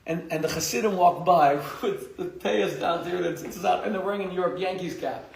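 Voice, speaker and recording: A man's voice: sits high, moderate pace, gravelly. A man, a rabbi, giving an emphatic, joking lecture to a community audience and laughing at his own jokes. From United States. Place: lecture hall. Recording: echoey lecture hall.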